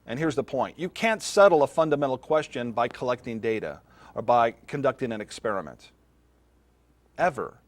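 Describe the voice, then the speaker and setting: A man's voice: medium pitch, expressive, normal speed, dry recording. A middle-aged man, a philosophy professor, lecturing a class in a classroom in a conversational way, often putting questions to his students.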